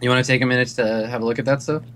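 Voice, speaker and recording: A man's voice: mid-range voice, fairly even intonation, racing, a bit bright. A man as game master, narrating a tabletop game loosely with many fillers, over a video call.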